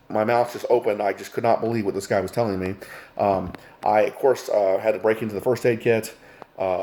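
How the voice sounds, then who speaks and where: A man's voice: fairly low pitch, mellow. A middle-aged man, a former flight attendant, telling stories casually with lots of fillers and calling viewers folks. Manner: rambling, many fillers, addresses viewers as folks. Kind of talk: casual storytelling to camera.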